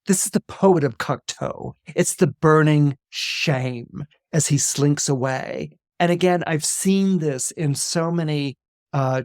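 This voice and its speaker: A man, an astrologer guest on a podcast, telling a story in a lively, chatty way with many fillers and restarts. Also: a little high, dry recording, clean studio sound.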